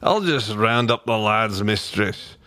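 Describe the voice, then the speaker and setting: A man's voice: on the low side, lively intonation, slow, bright, forceful tone, dry recording, heavily acted. A man reading aloud as a rowdy male pixie leader with a Scottish accent, cheerful and boastful.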